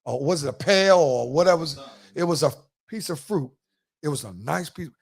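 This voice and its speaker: A man's voice: a little high, expressive, moderate pace, gravelly, slightly rough. A man hosting a podcast in a casual chat, telling loose, profane stories and acting out quotes. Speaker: podcast host.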